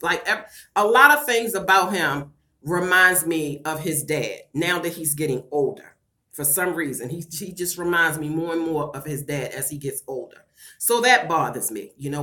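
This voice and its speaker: A woman's voice: deep voice, pushed and bright. A woman in her thirties on a casual live-stream vlog, tearful and blunt. She swears freely and talks straight to viewers as "y'all" and "girl.". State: tearful, voice breaking. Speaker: vlogger reading live chat.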